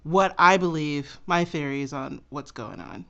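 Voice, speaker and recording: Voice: mid-range voice, animated, measured pace, vocal fry, fairly bright tone. A co-host with a mid-range voice trades dry, teasing remarks in a loose podcast chat. The sound is dull and lo-fi. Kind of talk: casual chat.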